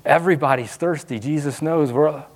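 A man delivers a sermon in a notably high voice. His preaching is animated and conversational, and he jumps into quoted voices to act them out. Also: normal speed. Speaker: pastor.

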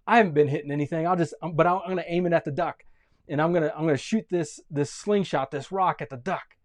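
A man's voice: fairly high pitch, fast, natural voice. A man doing a guilty, jumpy little boy. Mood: scheming. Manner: blurting, pleading.

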